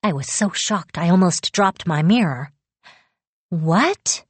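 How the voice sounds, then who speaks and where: A woman narrates a novel in the first person, slowly and gently, with a soft, breathy voice pitched on the lower side. The recording is close and dry. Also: no room sound. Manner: unhurried, gentle storytelling. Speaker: audiobook narrator.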